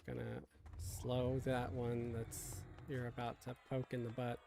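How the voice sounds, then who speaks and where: Gamer streamer from Queens, casual rambling talk, mid pitch, background noise. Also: monotone, unhurried, vocal fry. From Queens, New York. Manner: rambling, self-deprecating storytelling. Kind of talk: casual chat while gaming.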